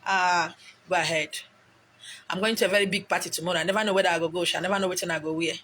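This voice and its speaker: She's racing along in a fairly low, steady voice with a bit of brightness. This middle-aged Nigerian woman, Nigerian-accented, rambles emotionally and somewhat preachily on her own casual motivational live stream, captured on a phone with a little hiss or hum.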